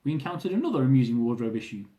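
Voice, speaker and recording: Rapid-fire and chuckling often, a man reads his own travel memoir with lively amusement in a medium pitch. The audio is lo-fi and echoes around the room.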